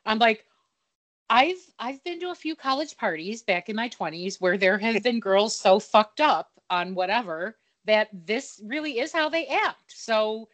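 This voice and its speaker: A woman's voice: a little high, lively intonation, unhurried, fairly bright tone. Woman, thirties, wry, profane, dry humor, casual film chat.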